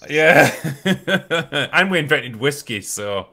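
A man's voice: on the high side, expressive, slow, pushed and bright. A man with a Scottish accent hosting a casual chat over beers, joking in a dry way. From Scotland. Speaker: host. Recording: crowd noise in the background.

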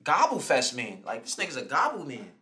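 A man's voice: medium pitch, huge pitch swings, fairly quick, bright, forceful tone, slight background noise. A young man live streaming, roasting someone in a heated, mocking, profane rant. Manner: mocking, heated, swears constantly.

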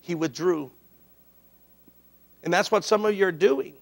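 Unhurried and gravelly, this middle-aged male pastor's high voice carries a sermon of lively storytelling in which he performs the voices of those he quotes.

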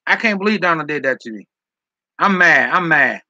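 On a casual live stream, a man reads chat comments aloud, teasing viewers with jokes and laughing often. His voice is a little high and bright, with a forceful tone and a measured pace. The recording is muffled, with no room sound.

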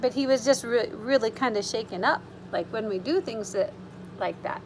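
A preschool teacher reading a picture book aloud to young children, using an animated storytime voice with gasps and gentle, reassuring asides. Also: female voice, a little high, normal speed, noisy background.

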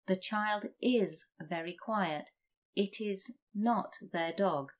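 A woman teaching English grammar, reading example sentences slowly and deliberately. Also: medium pitch. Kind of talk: slow scripted grammar lesson.

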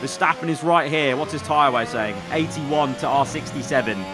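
A young man commentating live as he plays a racing management game, excitable and talking to himself. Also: fairly high pitch, moderate pace, music in the background. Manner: excitable, talks to himself while managing the race. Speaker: gaming YouTuber.

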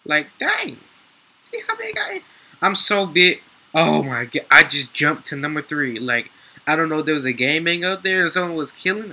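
A young man, excitedly commentating his gameplay, slangy and swearing freely. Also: a little high, breathy edge, rough recording. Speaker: gaming YouTuber.

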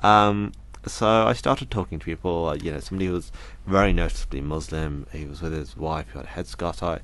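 A young British man being interviewed speaks in a very deep but fairly bright voice, earnest and reflective about his experiences. He frequently stumbles and begins again, pausing to quote people he came across.

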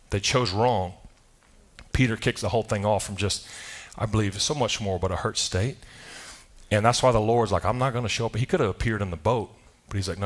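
A man with a fairly low voice delivers a church sermon. He speaks emphatically and conversationally and often breaks off to restart a phrase. He throws rhetorical questions to his listeners. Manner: loose delivery with frequent restarts. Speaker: pastor. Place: church service.

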